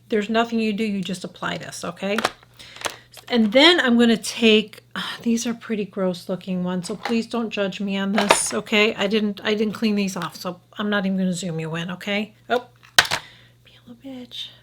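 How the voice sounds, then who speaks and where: A frank, chatty beauty vlogger in her fifties guides viewers through a makeup tutorial, talking as she works at her mirror, sometimes dropping to a whisper, and repeatedly asking "okay?" Her voice is medium-pitched, with a little hiss or hum in the recording.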